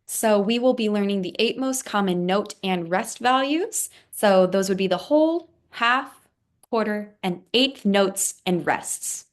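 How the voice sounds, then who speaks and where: A woman's voice: medium pitch, expressive, measured pace. A woman teaching a beginner music lesson, patiently explaining and counting rhythms aloud. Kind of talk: instructional explainer video.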